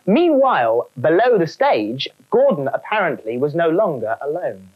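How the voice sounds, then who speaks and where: A woman narrating a children's storybook in a wry, animated way. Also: low voice, normal speed, dull audio.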